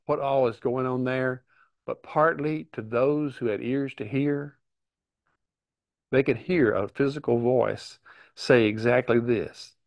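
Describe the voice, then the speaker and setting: A middle-aged man earnestly teaching a Bible study, reading verses aloud and pausing to stress them. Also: medium pitch, no echo, highs cut off. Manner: earnest, emphatic, reads scripture aloud with pauses.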